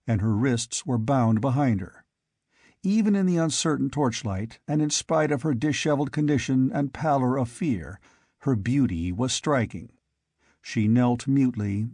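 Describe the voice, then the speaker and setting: A man narrates a fantasy audiobook in a measured, dramatic way. His voice sits in a middle pitch. It is recorded dry and close, with no room sound. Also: dark tone, no echo. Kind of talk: scripted narration.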